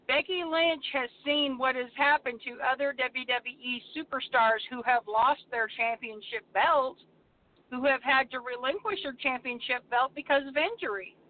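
An older woman and co-host, telling feisty, animated stories in casual wrestling chat. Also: sits high, moderate pace. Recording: tinny phone line with faint noise.

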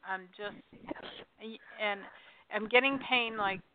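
A woman's voice: mid-range voice, takes it slowly. A woman guest gives a psychic reading on air, hesitant and feeling her way through it. The sound is tinny and phone-like, with faint hiss behind her. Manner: hesitant, searching, with many ums.

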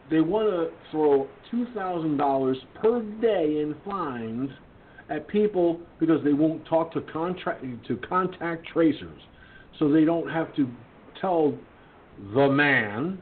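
Man ranting over a tinny phone line. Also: fairly high pitch. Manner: reads news then rants, profane and indignant. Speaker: talk radio host. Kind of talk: internet radio news commentary. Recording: tinny phone-line sound with faint hiss.

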